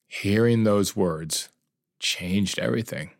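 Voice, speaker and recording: A man's voice: low voice, a little slow, pauses often, dry recording. A middle-aged man narrating his own life story in an earnest, confessional way. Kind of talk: emotional personal narration.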